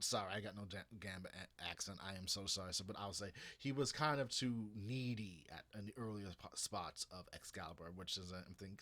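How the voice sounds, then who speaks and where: A man's voice: deep voice, a little fast, few pauses, sharp tone. A man in his thirties talking casually and ramblingly about comics, with restarts and swearing. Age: 30s. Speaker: comics vlogger. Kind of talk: casual opinion monologue.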